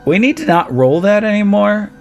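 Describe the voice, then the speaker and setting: A man's voice: high-pitched, very animated, moderate pace, lo-fi sound, a little hiss or hum. A man playing a tabletop game, talking in a casual, rambling and reflective way during a break. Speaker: player.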